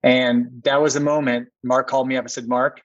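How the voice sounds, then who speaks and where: A man's voice: medium pitch, little pitch movement, a little fast, dry recording. Guy telling a long story on a podcast, earnest, keeps repeating words, muffled dull audio, dry. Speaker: podcast guest, company co-founder.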